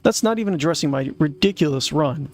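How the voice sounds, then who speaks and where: A man's voice: on the high side, lively intonation, quick pace, close to an everyday voice. A man reading a haughty young noble villainess aloud in a game, in a dry, sardonic way. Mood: scornful.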